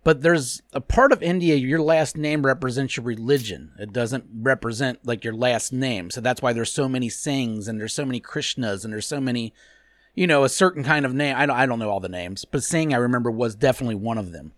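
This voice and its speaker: A man's voice: mid-range voice, no room sound. A man, co-hosting a podcast, teasing and swearing in casual chat. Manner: teasing, swearing, quick to mock. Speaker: podcast co-host.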